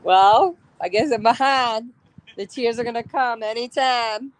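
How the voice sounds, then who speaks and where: A woman's voice: a little high, unhurried, low-quality recording. A woman livestreaming from a street outdoors, talking emotionally and chattily to her viewers.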